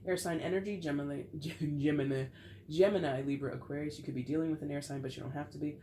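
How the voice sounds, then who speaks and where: A woman with a low, warm voice talks very fast over slight background noise. She's a tarot reader doing a casual reading to camera, chatty and playful and laughing often, while recovering from a cold.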